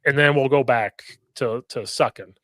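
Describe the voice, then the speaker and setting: A man's voice: mid-range voice, normal speed, a bit bright, no echo, studio quality. A man in casual sports podcast talk, telling stories bluntly and laughing a lot.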